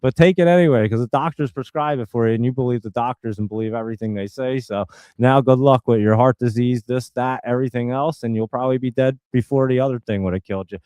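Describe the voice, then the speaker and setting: Man with a smooth, dry voice. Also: mid-range voice, fast talker, warm tone, dry recording. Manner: rambling, joking, loose and off-the-cuff. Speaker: livestream host. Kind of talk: casual live market commentary reading chat.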